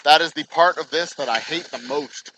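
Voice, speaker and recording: A man's voice: on the high side, moderate pace, noisy background. A man, a distillery owner, ranting and swearing in a casual vlog at his distillery. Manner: profane, ranting, animated.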